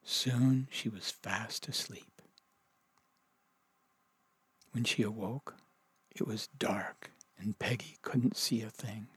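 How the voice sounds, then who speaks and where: A man reading a children's story aloud as narrator, in gentle, measured storytelling. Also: lowish voice, fairly even intonation, husky, no echo.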